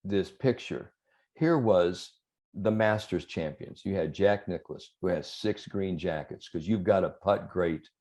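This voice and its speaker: A man, a sports psychologist, talking as an interview guest and telling anecdotes in a lively, chuckling way. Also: sits low, unhurried. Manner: animated storyteller, chuckles through anecdotes. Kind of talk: conversational interview storytelling.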